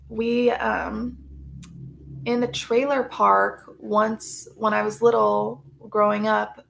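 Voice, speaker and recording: Gravelly young woman, halting speech. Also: mid-range voice, a bit bright. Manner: halting, many fillers and self-corrections. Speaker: podcast guest. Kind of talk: personal testimony in interview.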